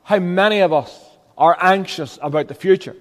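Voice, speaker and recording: Pastor guy preaching hard, pretty high voice, echoey church hall. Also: moderate pace. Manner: earnest, emphatic preaching with rhetorical questions. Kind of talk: sermon.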